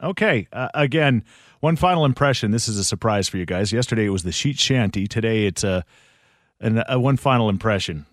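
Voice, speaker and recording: A man's voice: on the low side, lively intonation, a little fast, no echo, studio quality. A man hosting a morning radio show, upbeat and jokey, laughing often. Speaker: radio host. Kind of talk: casual morning radio banter.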